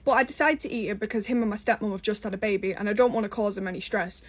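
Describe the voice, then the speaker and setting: A woman's voice: medium pitch, racing. A young woman with an English accent telling a personal story in a casual, blunt way, swearing freely, exasperated and amused.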